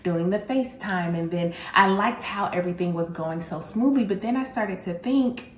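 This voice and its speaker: A woman hosting a candid storytelling vlog, telling her story in an animated, blunt way and speaking straight to her audience. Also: medium pitch, normal speed, roomy sound. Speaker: vlog host.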